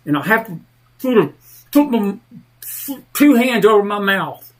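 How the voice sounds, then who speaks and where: High-voiced fired-up talk radio host. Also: male voice, big pitch swings. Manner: fired-up, ranting, drawn-out emphatic stresses. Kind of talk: heated political commentary.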